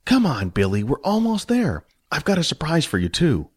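A man's voice: normal speed, slightly rough, no echo, full character voice. Casting: man playing upbeat, reassuring city guide for an audiobook, bouncy delivery, dry close sound. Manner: reassuring, lively, higher-pitched. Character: cheerful streetwise young male guide Jack.

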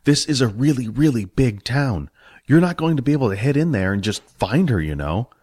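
A man's voice: brisk, breathy edge, no echo. Casting: man playing upbeat, reassuring city guide for an audiobook, bouncy delivery, dry close sound. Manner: reassuring, lively, higher-pitched. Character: cheerful streetwise young male guide Jack.

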